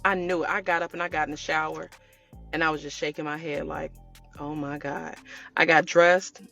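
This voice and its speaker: A woman telling her viewers a personal story in a casual storytime way, animated and chatty, calling them y'all. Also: sits low, a little fast, vocal fry, lo-fi sound, soft background music. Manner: animated, addresses viewers as y'all, acts out quotes. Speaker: storytelling vlogger.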